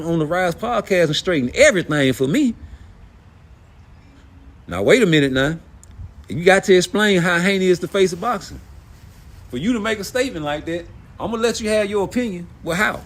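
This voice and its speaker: A middle-aged man, hosting a blunt, profane, heated rant about boxing. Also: fairly high pitch. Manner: blunt, profane, animated, rhetorical questions. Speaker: boxing commentary host.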